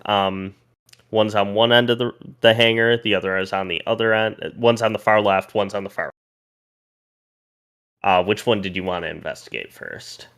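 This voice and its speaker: A man narrating a tabletop role-playing game as game master, pausing and restarting as he describes each scene. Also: fairly low pitch, fairly even intonation, fairly bright tone, clean tone.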